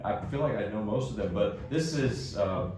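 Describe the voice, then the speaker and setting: A man's voice: on the low side, expressive, normal speed. A man from New Jersey who plays classical piano, telling a self-deprecating story to an audience in a casual way. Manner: chatty, self-deprecating anecdote teller. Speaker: classical pianist giving a recital talk. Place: concert hall. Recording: echoey hall from far off, background noise.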